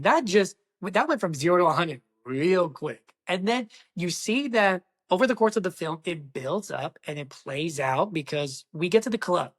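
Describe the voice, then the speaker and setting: A woman giving a casual movie review, excitable and exclamatory, talking straight to her viewers. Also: lowish voice. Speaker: film reviewer.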